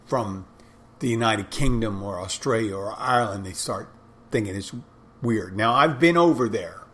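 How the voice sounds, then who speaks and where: A man's voice: fairly low pitch, moderate pace, a bit bright. A man talking casually on his own, rambling with restarts and asides, blunt and sometimes swearing. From United States. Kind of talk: casual monologue.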